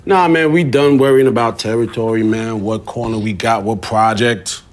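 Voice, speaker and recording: An actor with an American accent playing a cool, calculating drug boss who speaks in measured, laid-back street slang. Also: male voice, fairly low pitch, fairly even intonation, faint music behind, close to an everyday voice.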